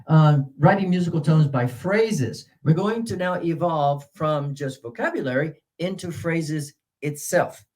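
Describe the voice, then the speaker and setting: Man teaching word stress, halting delivery. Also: a little mellow. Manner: halting, with many uh fillers and restarts; swoops his pitch to model stressed syllables. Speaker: English teacher trainer. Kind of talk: workshop lecture on word stress.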